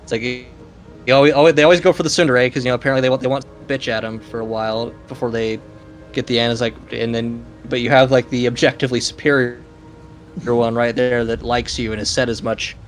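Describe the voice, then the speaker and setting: A man's voice: medium pitch, fairly even intonation, fast talker, soft background music. A man in a casual gaming voice chat, giving opinions and often repeating words. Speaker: guest in voice chat.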